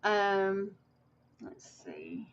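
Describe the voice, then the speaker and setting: A woman's voice: medium pitch, wildly swooping pitch, drawn-out words, a little hiss or hum. Woman rambling on her livestream, lots of ums, kinda emotional, muffled lo-fi sound. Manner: rambling, emotional, many fillers and restarts. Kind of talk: casual livestream talk to viewers.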